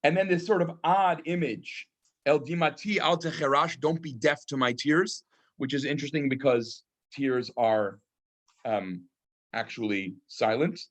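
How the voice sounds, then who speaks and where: A man teaches an online text study at a thoughtful, unhurried pace. His voice sits at a middle pitch. He reads Hebrew verses, translates them and pauses often on "um" while he thinks.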